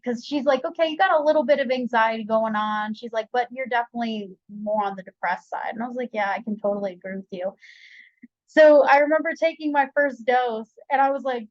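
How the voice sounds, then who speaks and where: A young woman with a fairly high voice tells her own story as a podcast guest, chatty and animated, acting out what others said. The sound is dull and lo-fi, with a dry, close feel. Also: normal speed, dry recording. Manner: chatty, animated retelling with quoted dialogue. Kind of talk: candid personal story.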